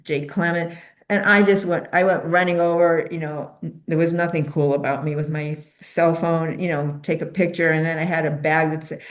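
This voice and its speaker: An older woman, an author and interview guest, telling stories in an animated, rambling way with frequent restarts. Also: low voice. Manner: animated, rambling with self-corrections. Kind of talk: storytelling interview answers.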